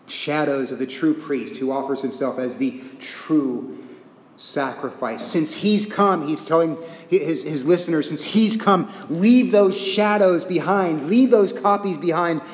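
A man delivers an earnest expository sermon in a fairly high voice. He leans into quiet, deliberate emphasis and then builds to rising intensity. The sound carries a long, echoing reverb from a large hall. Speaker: pastor.

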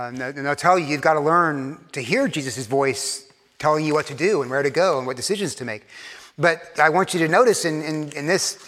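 A man preaching a sermon in earnest, pressing hard on key points and then dropping to a hushed, soft voice. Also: on the high side, in a large hall. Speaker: pastor.

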